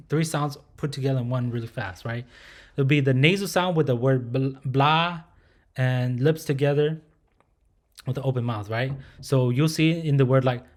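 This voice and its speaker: A man teaching pronunciation patiently, repeating each sound and often checking in with the learner. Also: medium pitch. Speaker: language teacher. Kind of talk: pronunciation lesson.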